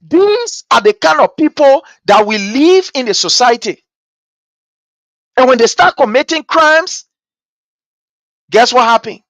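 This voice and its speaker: A man's voice: very high-pitched, lively intonation, unhurried, long pauses, a bit bright, dry recording. A man from Liberia with a Liberian English accent, hosting a political talk show and giving impassioned commentary full of rhetorical questions and repeated points. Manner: rhetorical, repeats points, asks "guess what".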